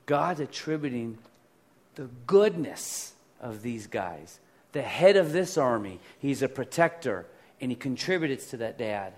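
Man preaching with lively storytelling. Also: medium pitch, measured pace. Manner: animated, swings between loud and quiet. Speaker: pastor. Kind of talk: conversational sermon with personal stories.

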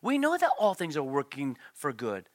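Middle-aged guy preaching, slightly high voice, gets animated telling stories, dry sound. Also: moderate pace, dry recording. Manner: animated preaching, voice climbing when storytelling. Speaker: pastor. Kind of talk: sermon.

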